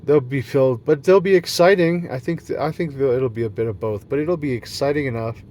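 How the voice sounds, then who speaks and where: A man in a loose, goofy ramble that hops from one thought to the next with bursts of laughter. His voice sits at an ordinary middle pitch for a man. He is out in nature after dark, with a faint hum of outdoor ambience behind him. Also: fairly quick. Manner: silly, rambling, jumps between topics with frequent laughs. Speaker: vlogger. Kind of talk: rambling monologue.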